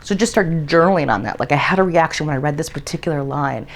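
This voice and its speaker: A woman's voice: deep voice, quick pace, vocal fry. A young adult woman talking casually as a tarot vlogger, explaining a method with plenty of "like" and "um" and the odd swear word. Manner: chatty, frequent "like" and "um" fillers, casual swearing. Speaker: tarot content creator. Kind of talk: casual instructional vlog.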